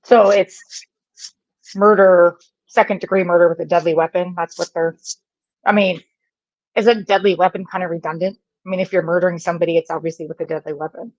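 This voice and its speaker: A woman's voice: on the low side, fairly even intonation, brisk, no room sound, dull audio. A woman in a casual true crime discussion who keeps asking curious questions and thinks aloud, talking over a laptop call. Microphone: laptop video call.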